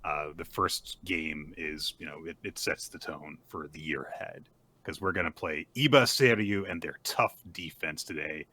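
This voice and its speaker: A man's voice: very deep voice, moderate pace, pushed and bright. A man hosting a casual chat show, recapping a story in a laid-back way with lots of fillers and frequent laughs. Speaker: podcast host.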